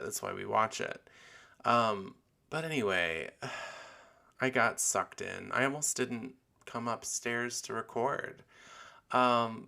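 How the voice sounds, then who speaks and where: Gravelly, slow-talking male podcast host. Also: fairly low pitch, bright, forceful tone. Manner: rambling, with many fillers and restarts. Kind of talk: casual solo podcast chat.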